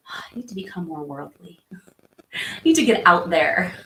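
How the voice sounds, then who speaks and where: A woman's voice: fairly low pitch, sharp tone. A woman in her thirties hosting a livestream, chatting casually and rambling as she answers viewer comments. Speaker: livestream host. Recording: echoey room with faint background hum.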